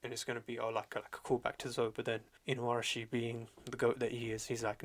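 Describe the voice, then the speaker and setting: A young man at a medium pitch talks through a story in casual podcast chat. He is slangy and animated, and full of fillers and quick restarts. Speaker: podcast host reviewing a manga chapter.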